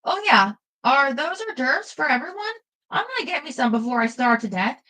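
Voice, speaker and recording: A woman's voice: high-pitched, very animated, normal speed, sharp tone, pitched above the performer's own voice, full character voice, poor audio. A woman reading the lines of a sardonic male demon in the shape of a dog in an audiobook. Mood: eager. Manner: wisecracking, greedy.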